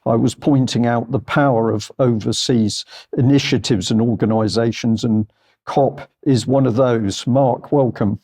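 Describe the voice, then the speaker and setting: A man hosting a news discussion show, introducing his guest in a measured way. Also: medium pitch, fairly even intonation, a little mellow.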